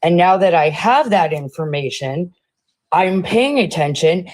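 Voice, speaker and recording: A woman with a low voice, joining a live-stream debate as a caller. She explains her views earnestly and sticks to her point. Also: animated, measured pace, a little mellow. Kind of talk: political debate.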